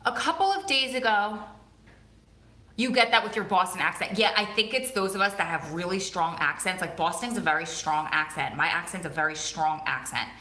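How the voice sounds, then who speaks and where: A woman's voice: fairly low pitch, moderate pace, sharp tone. A woman from Long Island with a strong New Jersey and Long Island accent, chatting casually on her live stream. She rambles and repeats words for emphasis. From Long Island, New York. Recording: echoey room.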